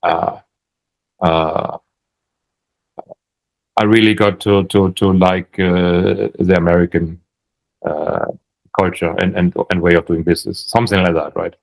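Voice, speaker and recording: A man's voice: sits low, steady tone, unhurried, creaky, long pauses, poor audio. A man with a German accent coaching on sales calls in casual chat, thinking aloud with many restarts.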